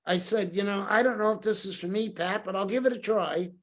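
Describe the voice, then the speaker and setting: A man's voice: high voice, a little fast. Older New man telling stories. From New York. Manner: lively anecdotal storyteller, acts out quoted dialogue. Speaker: podcast guest. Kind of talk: casual storytelling interview.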